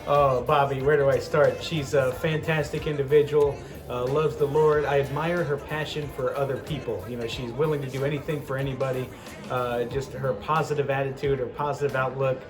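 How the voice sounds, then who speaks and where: A man giving warm praise for a friend, with occasional fillers. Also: medium pitch, flat delivery, brisk, over music.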